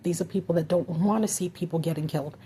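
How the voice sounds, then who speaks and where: A woman's voice: on the low side, fast, warm tone, slight background noise. A woman vlogger delivering an urgent, frustrated rant to her viewers, full of rhetorical questions and swearing. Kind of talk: impassioned political rant.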